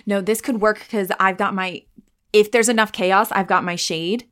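A woman's voice: medium pitch, fairly even intonation, moderate pace, a bit bright. Woman, tabletop game player, casual chat, thinks aloud, wry.

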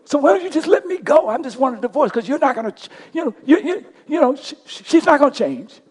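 A male pastor acting out an angry husband who shouts at God in despair. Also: very high-pitched, very animated, fast, long reverb tail, voice pushed up. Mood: anguished shouting. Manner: screaming, anguished.

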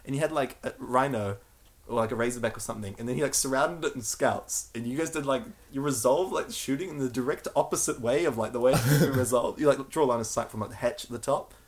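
A man talks at a fast clip in a casual chat. He tells animated stories, swearing freely and laughing often. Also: medium pitch.

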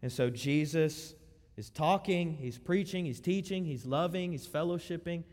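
A youth pastor preaches with passion, dropping to a hush and then rising to fervent appeals. His voice sits fairly high for a man. Long reverb rings through the church hall. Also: normal speed. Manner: impassioned, swings between hushed and soaring. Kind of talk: sermon.

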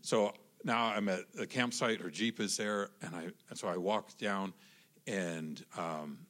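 Deep voiced guy rambling through a story, lots of restarts, acts out what people said. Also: a little slow. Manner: animated, rambling with restarts and acted-out quotes. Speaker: guest telling his love story. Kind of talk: casual storytelling.

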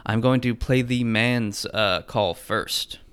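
A man's voice: medium pitch, slow, fairly bright tone, clean tone. A man hosting a podcast, reading tarot cards for callers in a dry, hesitant way full of filler words. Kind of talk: casual chat.

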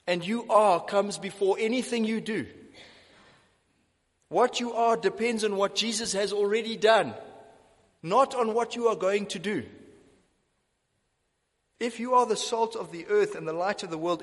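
A man preaching a sermon, emphatic and deliberate, repeating key phrases for stress. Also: sits high, in a large hall.

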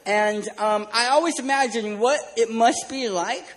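A pastor delivers a sermon full of jokes and lively asides. He speaks in a high voice for a man, moving easily between humor and earnest points. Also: measured pace, rough recording. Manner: joking, animated storyteller. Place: church stage.

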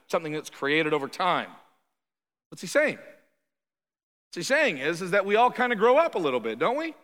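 Man, pastor, sermon, high pitched, bright tone, conversational and emphatic, long church-hall reverb. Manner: conversational and emphatic, rhetorical questions. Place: church sanctuary.

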